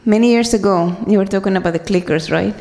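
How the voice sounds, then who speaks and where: Woman, devotional speaker, earnest and halting, raspy fry, reverberant hall. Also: medium pitch, a little mellow. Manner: earnest, halting, many fillers and restarts. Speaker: speaker sharing at a devotional gathering. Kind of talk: personal talk to a congregation.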